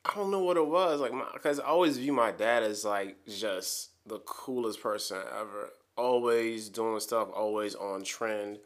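A man's voice: lowish voice, a little slow, hardly any pauses. A man around forty co-hosting a podcast, chatting casually, teasing his co-host and talking in slang. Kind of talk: casual chat.

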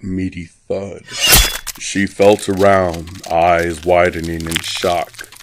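A man narrating a dark first-person story in a wry, deadpan way. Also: sits low, background noise.

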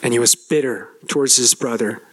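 Speaking fairly quickly in a slightly rough voice, a pastor preaches straight to his congregation and puts questions to them. He's animated, and he plays out the older brother's complaint as his pitch climbs.

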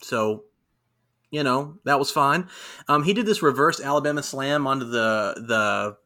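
A man's voice: medium pitch, lively intonation, a little slow, bright, forceful tone. A man co-hosting a podcast, casually recapping wrestling segments in a chatty storytelling way. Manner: chatty storytelling, quotes people in voices. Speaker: podcast co-host.

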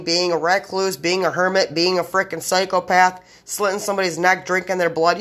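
A rambling woman host talks straight to her listeners on her own podcast, piling run-on sentences on top of each other. Her voice sits a little low, and she swears freely and bluntly. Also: fairly bright tone. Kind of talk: rambling solo podcast monologue.

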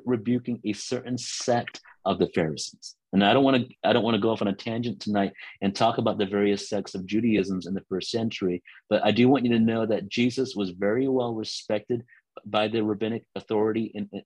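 A man preaching a teaching sermon to listeners on a call line, earnest, often restarting words and slowing down for scripture. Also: lowish voice, a little mellow, slightly rough, no echo, rough recording.

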